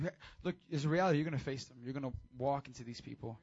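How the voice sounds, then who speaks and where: A man preaching a casual, high-energy sermon to teenagers as youth pastor, with call-and-response. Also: racing, a little mellow, muffled recording.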